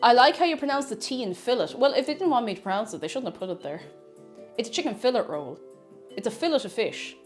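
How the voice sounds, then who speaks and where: A woman's voice: a little high, animated, fast talker, faint music behind. A woman with an Irish accent, chatty and self-mocking, thinking aloud as she cooks on a stream in her home kitchen. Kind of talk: casual cooking stream chat.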